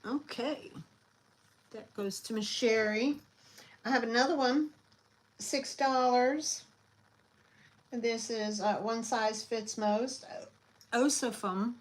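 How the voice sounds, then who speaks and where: A woman hosting a live online sale, chatty and scattered, often pausing with fillers as she shows each item. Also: fairly high pitch, poor audio. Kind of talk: casual live selling chat.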